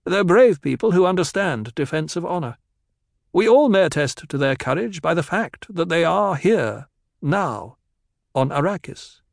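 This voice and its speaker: A man voicing a calm, commanding male ecologist who talks in a cool, lecturing way in a storybook reading. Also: on the high side, a little slow, vocal fry, no room sound, clean studio sound, voice pushed up.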